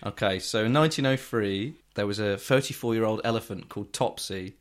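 A man's voice: on the low side, a little fast. A young man co-hosting a podcast, telling stories in a playful, dry joking way. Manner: playful, storytelling, dry jokes. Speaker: podcast co-host. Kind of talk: casual comedic chat.

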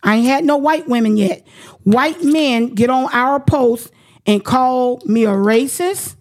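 A woman's voice: sits high, unhurried, a little mellow. A woman hosting a radio talk show, outspoken and profane, ranting in heated casual chat.

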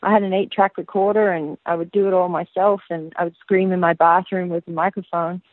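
Australian woman singer on a tinny phone line, rambling and relaxed, dry sound. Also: fairly low pitch, brisk, no room sound. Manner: relaxed and rambling, many fillers and restarts. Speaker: band singer, guest. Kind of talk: casual interview chat.

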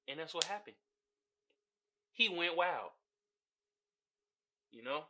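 A man hosting a podcast, giving casual solo commentary in an animated, profane way, often laughing and putting on voices. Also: on the high side, slow, long pauses, a crowd in the background. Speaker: podcast host.

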